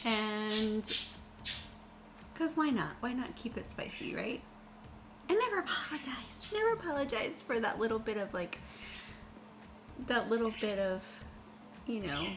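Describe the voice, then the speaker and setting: A woman's voice: fairly high pitch, background noise. A middle-aged woman hosting a baking podcast from her kitchen, chatting casually, giggling often and rambling with lots of fillers. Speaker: podcast host. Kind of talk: casual chat while baking.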